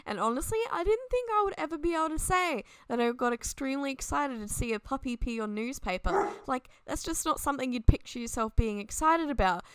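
A young woman rambles casually over a game speed build at her desk at home, laughing often as she goes. Her voice is smooth and clear. The recording is dry and close. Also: sits high, expressive, a little fast, hardly any pauses, a bit bright, no echo. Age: young adult. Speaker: Sims 4 builder and YouTuber.

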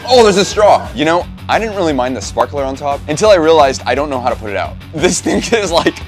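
A man's voice: fairly high pitch, quick pace. A man in his twenties vlogging from a restaurant, joking and nervous as he talks through a food challenge. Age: 20s. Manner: jokey, nervous, animated. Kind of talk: excitable vlog chatter. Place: restaurant, indoors. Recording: music bed behind voice.

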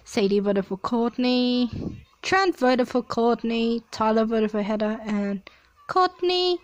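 Young woman reading sim game results out loud, kinda high voice, slow and chatty, lots of oh my gosh. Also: no room sound, highs cut off. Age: young adult. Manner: chatty, reads results aloud, excited exclamations. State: coughing at times. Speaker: player reading a simulator. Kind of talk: casual play-along commentary.

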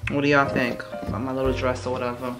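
A woman in her thirties talks straight to her camera at home, telling a story with lively, exclaiming delivery and calling out to her viewers. She gets animated and shifts her tone a lot as she goes. Soft music plays behind her voice. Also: extremely low pitch, quick pace, poor audio. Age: 30s. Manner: animated, exclaiming, mimics others, addresses viewers as y'all. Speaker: vlogger. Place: home kitchen.

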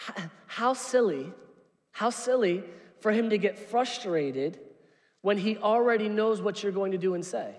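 High-voiced pastor preaching in a reverberant hall. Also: male voice, measured pace. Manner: animated, humorous storytelling. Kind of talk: sermon. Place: church sanctuary. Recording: long reverb of a large hall.

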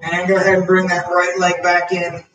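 A man with a high voice leads a gentle chair yoga class, calmly talking students through slow breathing. He sounds set back from the mic in an echoey room. Soft guitar music plays behind him. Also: distant mic. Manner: calm, slow guiding cues. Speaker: yoga instructor. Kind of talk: guided chair yoga relaxation.

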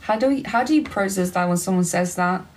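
A young woman from Eastern Europe hosting a casual phone livestream, giggly and chatty, answering comments in quick short replies. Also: lowish voice, slight background noise, rough recording. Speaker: livestream host.

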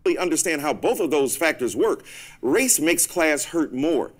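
A man's voice: on the high side, lively intonation, moderate pace. A man appearing as a guest on a televised debate show, speaking in an eloquent, lecturing way. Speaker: guest commentator.

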